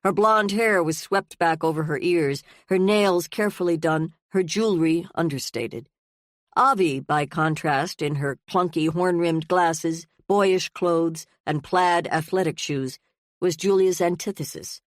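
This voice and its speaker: An audiobook narrator reading a novel in an even, steady voice. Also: mid-range voice, measured pace, no room sound, studio quality. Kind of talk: scripted narration.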